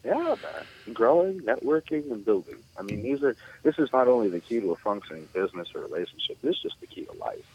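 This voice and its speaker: A man guesting on a podcast, chatting casually in an animated way and often repeating himself. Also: fairly low pitch, fast, few pauses, husky. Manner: animated, repeats phrases, laughs along. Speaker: musician and radio host, guest. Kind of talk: casual interview chat. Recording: dull lo-fi sound.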